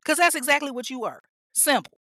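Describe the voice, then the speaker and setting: Bright-voiced, profane woman podcast host. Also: high-pitched, expressive, a little fast, no room sound, clean studio sound. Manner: profane, blunt and scolding. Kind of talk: true crime podcast rant.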